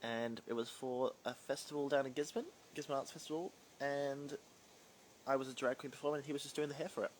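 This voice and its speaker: A man's voice: mid-range voice, steady tone, brisk, a little hiss or hum, rough recording. A young man, chatting casually on a livestream and answering viewer questions with lots of fillers and rambling asides. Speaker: drag performer answering fan questions on a livestream. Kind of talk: casual chat, reading and answering live comments.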